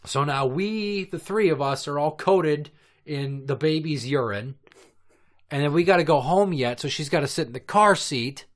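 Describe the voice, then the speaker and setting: A man's voice: a little high, moderate pace. A man in his thirties hosting a comedy podcast, telling crude stories in long, profane, rambling run-on rants. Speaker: podcast host.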